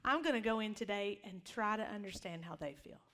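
A woman's voice: medium pitch, a little fast, fairly bright tone. A middle-aged woman pastor giving a sermon, telling stories in a conversational, humorous way and acting out quotes.

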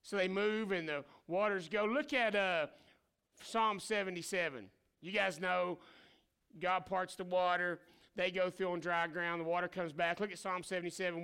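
A pastor delivers a lively sermon in a high, bright voice with a gravelly edge. His voice is clear and smooth, and he slips into the voices of the people in his stories. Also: a little slow. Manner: casual preaching with slang.

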